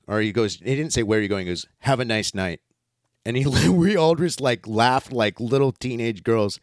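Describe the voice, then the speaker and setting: A man telling a story in casual chat, animated and swearing often, acting out what others said. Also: medium pitch, moderate pace, dry recording, clean studio sound.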